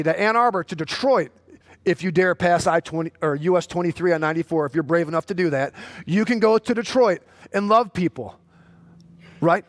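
A man preaching a sermon, with a high, bright-edged voice. He drops low to tell a story, then climbs loud and urgent to exhort his listeners. The sound is dry and close. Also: no room sound. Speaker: pastor.

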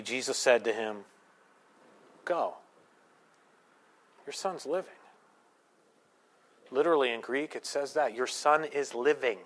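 A man's voice: mid-range voice, fairly bright tone. A man preaching a sermon to his congregation in a conversational way, with joking asides and acted-out quotes. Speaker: pastor.

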